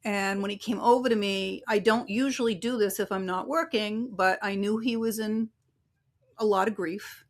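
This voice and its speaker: Woman medium guest, casual storyteller, mid pitch, chatty anecdotes. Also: fairly even intonation, normal speed. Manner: chatty, acts out quoted voices in anecdotes. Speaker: psychic medium and relationship coach, guest.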